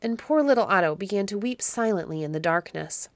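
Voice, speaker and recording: A woman narrating a classic children's story in a measured, expressive reading. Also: mid-range voice, no echo. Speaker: audiobook narrator.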